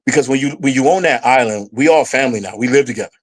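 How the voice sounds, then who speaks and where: Man telling a story with lively energy. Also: rapid-fire, low-quality recording. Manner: animated storyteller, voices his past self rising in pitch. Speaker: guest. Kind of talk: casual storytelling.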